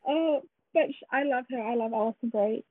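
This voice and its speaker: A woman co-hosting a podcast from a remote call who chimes in with quick, enthusiastic reactions and laughs along. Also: a little high, dry recording. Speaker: podcast co-host. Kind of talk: casual film chat. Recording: tinny phone-like call audio.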